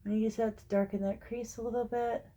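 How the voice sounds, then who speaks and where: A woman's voice: on the high side, flat delivery, fast, dark tone. A middle-aged woman chatting casually through her own makeup tutorial, talking to viewers as she works and drifting into asides. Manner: chatty, rambling, gets heated when venting. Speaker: makeup vlogger.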